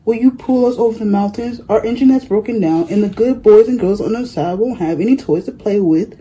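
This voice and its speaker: A reader voicing a chorus of toys and dolls pleading for help in a storybook, in a raised, husky voice. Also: mid-range voice, a little fast, warm tone, lightly acted, rough recording. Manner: pleading, begging.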